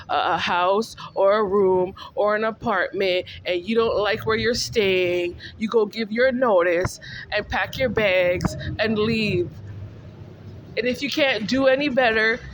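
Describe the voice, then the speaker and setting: A woman's voice: mid-range voice, background noise. A woman venting in a casual vlog monologue, ranting and repeating herself in exasperation. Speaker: vlogger.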